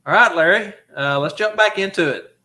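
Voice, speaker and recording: A male host of a casual live talk show, bright and crisp in tone. He keeps the chat moving with friendly questions and encouragement. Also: sits high, normal speed.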